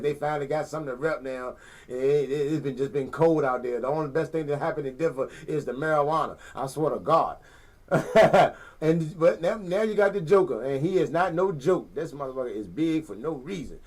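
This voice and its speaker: A man hosting a sports podcast from a living room, talking casually in an animated, slangy, rambling way and repeating himself. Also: on the high side. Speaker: podcast host.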